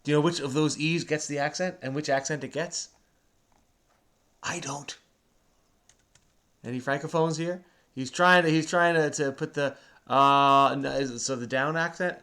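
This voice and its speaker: A man's voice: a little high, fairly even intonation, moderate pace, long pauses, bright, forceful tone. A man hosting a crossword video, patiently and chattily explaining the clues to a child who does the typing. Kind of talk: casual explaining to a kid while solving.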